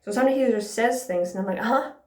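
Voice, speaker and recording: A woman's voice: fairly high pitch, racing, a little mellow. Exasperated woman ranting in a roomy space. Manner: exasperated, sarcastic, swears freely. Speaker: vlogger. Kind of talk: casual ranting storytime. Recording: roomy echo.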